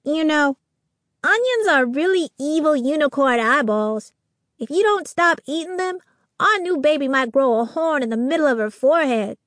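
A bold, playful young cowgirl girl with a lively, teasing way of talking, read by a woman in an audiobook. Her voice sits high, recorded dry and close. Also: normal speed, no room sound.

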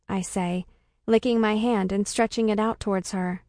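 A woman narrating a first-person comic story with a dry, deadpan delivery. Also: medium pitch, normal speed, no echo. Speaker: audiobook narrator.

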